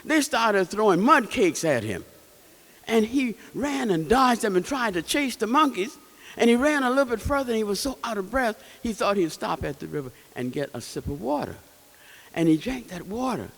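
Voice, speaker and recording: A man telling a folktale to a live audience in an animated way, asking them questions as he goes. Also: sits high, moderate pace, vocal fry, long reverb tail. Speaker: storyteller. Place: event hall.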